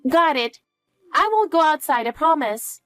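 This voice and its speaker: A woman's voice: expressive, measured pace, a bit bright, no echo, studio quality, faint music behind. A woman doing a timid, pleading little girl. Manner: pleading, high and eager.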